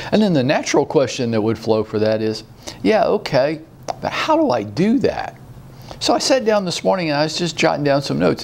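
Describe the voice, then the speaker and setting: A man gives an animated, rallying coaching talk full of rhetorical questions. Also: mid-range voice. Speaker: real estate sales coach. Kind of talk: motivational training talk.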